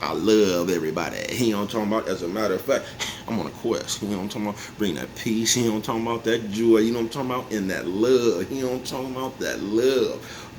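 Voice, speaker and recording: This man in his forties has a lowish voice and races along as he vlogs to his audience in a loose, easygoing monologue. He laughs to himself a lot and repeatedly asks whether viewers follow, saying "you know what I'm talking about." There's a faint hum of background noise.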